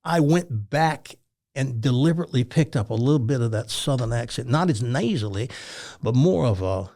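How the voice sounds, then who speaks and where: A man in his seventies from Tennessee, a retired radio talk host, telling stories in an interview with animated delivery. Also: mid-range voice, normal speed. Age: 70s. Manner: animated storyteller, jumps into other voices. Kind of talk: storytelling interview.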